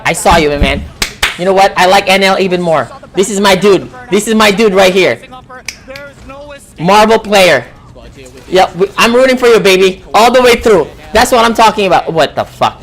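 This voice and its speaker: A young adult man streaming live, reacting to a fighting game match in casual chat, excitable and profane, repeating himself and yelling at the plays. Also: on the high side.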